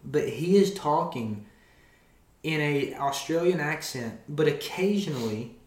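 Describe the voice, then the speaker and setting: A man's voice: on the high side, lively intonation, measured pace. Young man telling a story animatedly. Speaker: podcast co-host. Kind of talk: casual chat. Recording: roomy echo.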